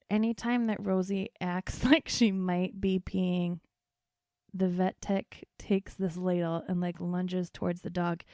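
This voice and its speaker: A young woman spins a rambling story in a relaxed, profane, chatty way as a podcast host. Her voice sits a little low for a woman. The sound is close and dry, with no room echo. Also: creaky. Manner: chatty, profane, tells stories with quoted dialogue. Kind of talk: casual storytelling.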